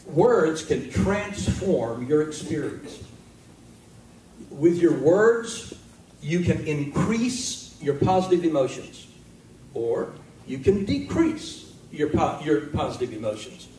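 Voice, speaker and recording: A man preaching a sermon to his congregation in a conversational, emphatic way, with pauses for effect. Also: a little high, very animated, warm tone, a little hiss or hum. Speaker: pastor. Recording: echoey hall recording from far off.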